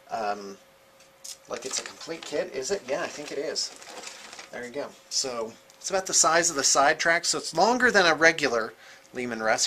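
A man hosting a casual show-and-tell vlog from his painting studio, excitable and rambling, chuckling as he goes. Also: medium pitch, noisy background. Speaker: host of a miniature painting studio channel.

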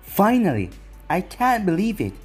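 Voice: medium pitch, wildly swooping pitch, normal speed, a little mellow, husky, soft background music, pitched above the performer's own voice. A reader voicing a gloating ninja villain. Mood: mocking. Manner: taunting and mocking. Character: cruel, gloating young male ninja villain. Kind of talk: fan fiction reading.

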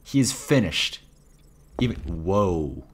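A man giving sarcastic, jokey let's-play commentary on horror games, reacting loudly to scares. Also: low-pitched, very animated, slow pace, noisy background. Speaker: gaming YouTuber. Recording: game music behind the voice. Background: game music.

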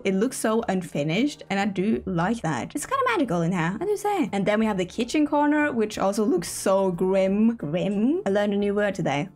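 A woman's voice: mid-range voice, a little mellow. Bubbly, giggly woman gamer. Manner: giggly and bubbly, talks to viewers, lots of oh wow and okay. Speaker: gaming YouTuber. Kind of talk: casual gameplay commentary.

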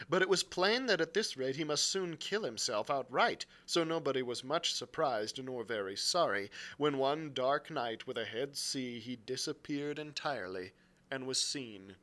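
A man reading a classic adventure novel aloud, expressive, with occasional slips he corrects. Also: mid-range voice, normal speed. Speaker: library reader.

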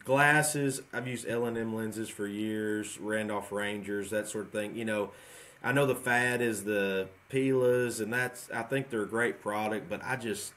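A man in his forties, a guest on a podcast, talking frankly in a relaxed, rambling way. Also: fairly low pitch, a little slow. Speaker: guest trapshooter. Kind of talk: casual podcast chat.

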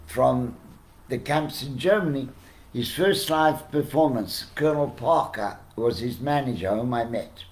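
An older man with a South African accent, telling anecdotes as a podcast guest with lively, chuckling delivery. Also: medium pitch. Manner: animated, chuckling storyteller who acts out quotes. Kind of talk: casual storytelling.

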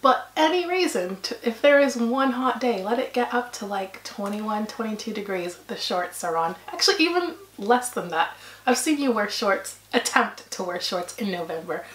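A woman from Canada co-hosting a casual couple's vlog, chatty and quick to laugh. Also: medium pitch, lively intonation. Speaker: vlog co-host. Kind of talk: casual chat. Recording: echoey room.

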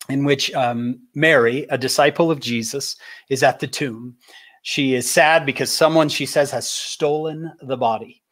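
A man from Utah giving a faith talk as a public speaker, telling stories with animation and slowing down for emphasis. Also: medium pitch. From Utah, USA. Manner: animated storyteller, slows for emphasis.

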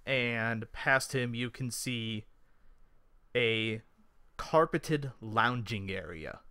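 A man running a tabletop game as game master, narrating in an unhurried way and thinking aloud. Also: mid-range voice, bright, forceful tone, clean tone, dry recording.

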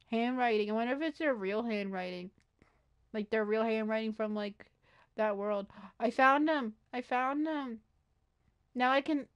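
A woman streaming a video game, chatting excitedly to herself and her viewers, often gasping and saying she is freaking out. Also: high voice. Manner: excitable, gasping, talks to herself while playing. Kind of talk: casual gaming livestream chatter.

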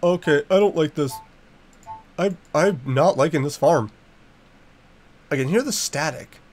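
A man's voice: fairly high pitch, measured pace. A man giving let's play commentary, jumpy and reactive, talking to the game's characters and using mild minced oaths. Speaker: gaming YouTuber.

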